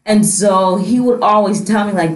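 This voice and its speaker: A woman's voice: medium pitch, normal speed. A young woman in a casual group conversation who talks reflectively and peppers her speech with "like". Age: young adult. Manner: reflective, heavy use of "like". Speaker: discussion participant. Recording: roomy echo.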